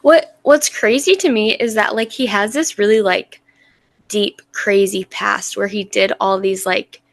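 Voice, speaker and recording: A woman's voice: medium pitch, fairly even intonation, a little slow, gravelly. Playful, laughing young woman co-host. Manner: laughs often, chatty and playful. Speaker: podcast co-host. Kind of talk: casual book discussion.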